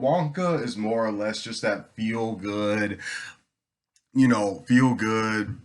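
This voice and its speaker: Halting low-voiced man reviewing a movie. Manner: halting, many ums and restarts. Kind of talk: casual spoken movie review.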